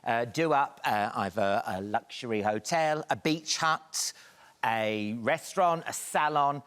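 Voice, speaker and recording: A man's voice: mid-range voice, a little slow, a bit bright, smooth. An English man on a talk show sofa, telling comic stories in a camp, giggly way and acting out other people's voices. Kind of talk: comic anecdote.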